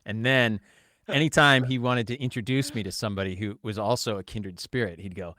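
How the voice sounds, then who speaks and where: A man co-hosting a podcast tells a story in a casual, animated way and acts out what each person said. His voice sits low, and the close mic is dry, with no room sound. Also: a little fast, dry recording. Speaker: podcast co-host.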